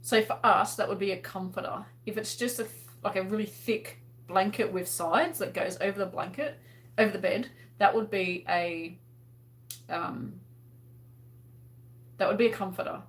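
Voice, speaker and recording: An Australian woman with a mid-range voice hosts a laid-back livestream, keeping a steady tone and moderate pace. She answers viewers' comments with chatty laughter and frequent fillers.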